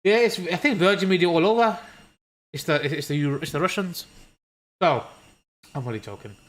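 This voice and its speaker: A man's voice: on the high side, fairly quick. Brummie man talking through trading charts. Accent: Birmingham. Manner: chatty, joking asides, swears at chat. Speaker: crypto trading streamer. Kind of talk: casual live-stream chart analysis. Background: washing machine noise.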